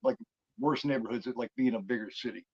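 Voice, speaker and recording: A man's voice: mid-range voice, quick pace, a little mellow, dry recording. A podcast co-host rambles through a film's plot in casual chat, stopping and restarting often. His mid-range voice comes through a muffled, lo-fi recording that sounds dry and close. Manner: rambling, full of fillers and restarts. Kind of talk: casual film retelling.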